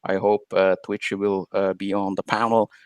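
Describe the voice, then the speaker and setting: A man's voice: low-pitched, level tone, moderate pace, darkish tone, no room sound. Rambling man co-hosting a live stream. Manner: long rambling questions with many fillers. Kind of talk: casual live stream chat.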